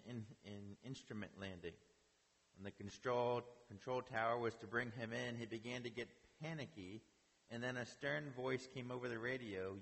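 A man's voice: lowish voice, a bit bright, in a large hall, low-quality recording. A man preaching a sermon as the church's pastor, often repeating words and checking in with "right?".

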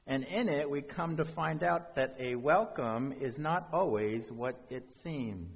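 A man's voice: medium pitch, a little slow, creaky, breathy edge, big-room sound. A man preaching a sermon as pastor, reading scripture and speaking in an earnest, conversational way.

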